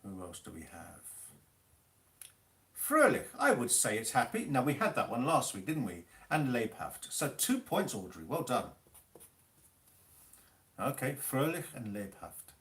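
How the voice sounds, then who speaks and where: Lively man hosting a music quiz. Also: medium pitch, measured pace, pauses often. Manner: teasing, strict about spelling and rules. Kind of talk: live-streamed quiz hosting.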